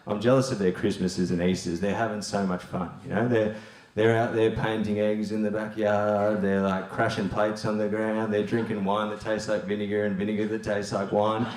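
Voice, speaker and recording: A man's voice: on the low side, level tone, normal speed, darkish tone, echoey room. An Australian man doing a crude stand-up routine, swearing freely and laughing through his own jokes. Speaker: stand-up comedian.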